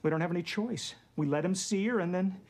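A man's voice: high-pitched, fast, a little mellow. An actor playing a harried suburban father and inventor in a 1980s sitcom, hesitant with a dry joke. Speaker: sitcom character.

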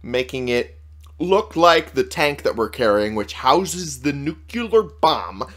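A man's voice: medium pitch, sing-song, slow pace. A young man with a Texas accent doing casual, sarcastic, profane gameplay commentary. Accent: Texan. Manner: profane, sarcastic, frequent fillers. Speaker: let's play streamer.

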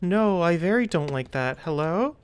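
A woman streamer talking through a horror game, chatty and jumpy, with nervous outbursts and a slightly rough throat. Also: lowish voice, lively intonation, moderate pace. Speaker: gaming streamer.

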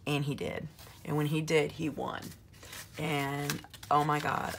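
Hoarse, gravelly woman, low voice. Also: steady tone, slow, background noise. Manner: chatty, rambling with many fillers. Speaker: planner vlogger. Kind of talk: casual storytelling.

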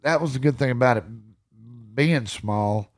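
A middle-aged man with a drawl tells old hunting stories with plenty of energy. His voice sits at an ordinary pitch, and he talks loosely, dropping cuss words as he goes. It is relaxed, unscripted podcast chat. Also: moderate pace. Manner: energetic storyteller who swears freely. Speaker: podcast guest. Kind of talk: casual storytelling chat.

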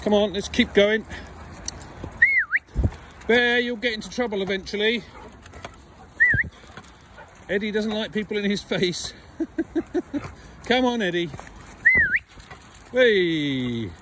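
Guy out walking dogs in the frost, teasing them, slow easy talk, bit higher voice, noisy outdoor recording. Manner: chatty, teasing, calling and cajoling dogs. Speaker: dog trainer. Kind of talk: casual talk to dogs on a walk. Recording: outdoor recording with clear background noise.

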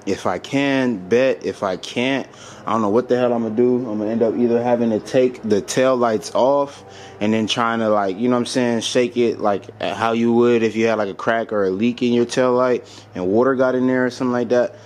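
Man, casual car vlog, exasperated, mid-pitched voice, faint background noise. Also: fairly even intonation, a little fast, a little mellow. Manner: frustrated, exasperated, laughing it off. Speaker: car modification vlogger.

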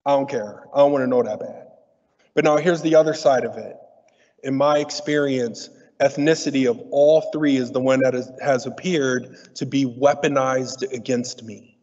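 A middle-aged man giving a lively, teasing conference talk to an audience. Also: mid-range voice, normal speed. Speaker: diversity speaker. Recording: muffled audio in a reverberant hall.

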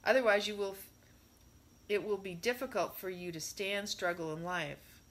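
A woman reading a spiritual discourse aloud in a measured way, stressing her rhetorical questions. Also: medium pitch, fairly even intonation.

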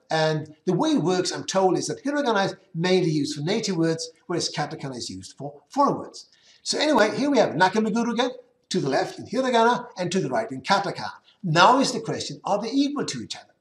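Man, conference speaker, technical demo, animated pitch, echoey room. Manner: explanatory, lively pitch, self-correcting restarts. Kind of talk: technical presentation with live demos.

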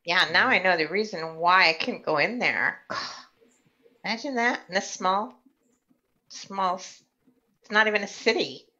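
A woman's voice: medium pitch, lively intonation, unhurried, pauses often, sharp tone, muffled recording. A woman playing a tabletop game, speaking in character in a wry, slightly snooty way. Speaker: player.

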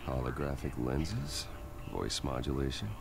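A man's voice: expressive, a little slow, heavily acted. An actor playing a brooding masked male vigilante in a video game, terse and grim. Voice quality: gravelly, low and grim.

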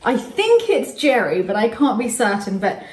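A woman's voice: a little high, very animated, moderate pace, echoey room. A woman, hosting a home vlog and gushing over gifts in casual chat. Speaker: vlog host opening gifts. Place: home kitchen.

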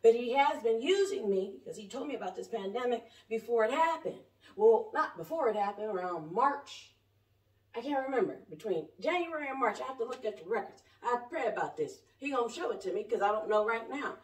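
A self-styled prophet in her 40s preaches to a distant camera inside her echoey home, her high voice expressive and brisk. She is fervent and rambling, talking colloquially and veering between loud shouts and quiet asides.

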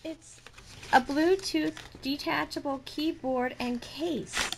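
A woman vlogging an excited unboxing, gushing with repeated delighted exclamations. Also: fairly high pitch, a little slow, noisy background. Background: crinkling packaging.

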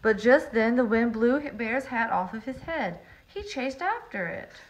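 A teacher reading a picture book aloud to young children, talking in a friendly way with frequent ums. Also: female voice, on the high side, animated, a little slow. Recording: slightly muffled recording with faint hiss.

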